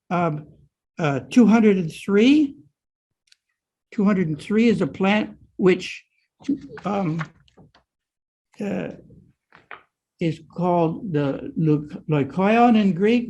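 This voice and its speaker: A man's voice: high-pitched, darkish tone. An older man giving a guided lecture on an old manuscript, explaining step by step and often checking in with his listeners. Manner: explanatory, frequent "right?" checks.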